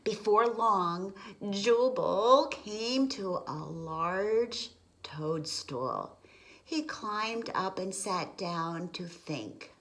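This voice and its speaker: A woman's voice: medium pitch, lively intonation, very slow, fairly bright tone, rough recording. A woman reading a picture book aloud to preschoolers, explaining words and asking questions. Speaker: preschool story reader. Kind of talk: children's read-aloud lesson.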